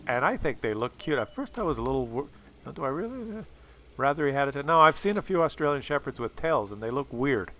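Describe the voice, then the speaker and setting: A man giving casual, animated commentary on gameplay, chatty and swearing freely. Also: medium pitch, fast. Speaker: gaming video commentator.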